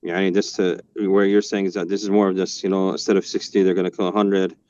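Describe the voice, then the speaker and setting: A man's voice: sits low, little pitch movement, fast talker, a little mellow. A man hosting a podcast, asking long, hesitant questions with many fillers. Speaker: podcast host. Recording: dull lo-fi sound.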